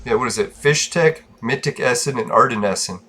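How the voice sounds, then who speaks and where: A man's voice: mid-range voice, brisk, a bit bright, husky. A man hosting a gaming channel, chatting casually and rambling, swearing freely and laughing often.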